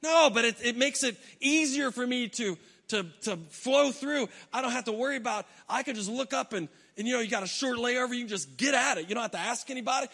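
Bright-voiced pastor in a reverberant hall. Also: male voice, very high voice, a little fast, hardly any pauses. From United States. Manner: animated, humorous storyteller, acts out his own reactions. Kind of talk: sermon with personal storytelling. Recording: long reverb of a large hall.

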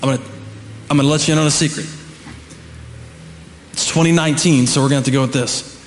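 A middle-aged man with a high voice preaches an animated sermon. He builds to shouts and drops in joking asides. The sound rings with long reverb through a church hall. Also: quick pace, slight background noise. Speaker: pastor. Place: church sanctuary.

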